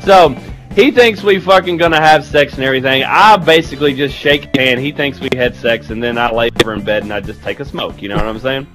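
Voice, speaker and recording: A man's voice: medium pitch, fairly quick, fairly bright tone, soft background music. A young man telling a crude comedic story in a brash, profane way, often asking "you know what I'm saying".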